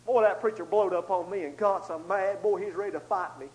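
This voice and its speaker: A man preaching a storytelling sermon, swinging between loud outbursts and hushed asides. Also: sits high, steady tone, a little fast, poor audio.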